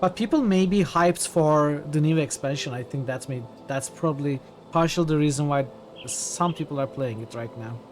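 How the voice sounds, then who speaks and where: A man's voice: on the high side, normal speed, a little hiss or hum. A man streaming a game, thinking aloud in casual commentary with frequent hesitations.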